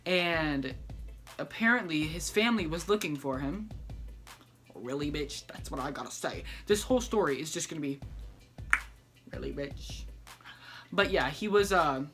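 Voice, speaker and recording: A man's voice: a little high, expressive, normal speed, a bit bright, soft background music. A young man telling a story in a casual vlog, sassy and dramatic, acting out each person he quotes.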